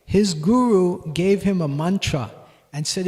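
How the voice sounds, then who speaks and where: A man giving a devotional class at a temple, teaching in a measured way and telling stories. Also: sits high. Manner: measured teaching, voice rising loudly for quoted shouts. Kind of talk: devotional lecture with storytelling. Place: temple hall.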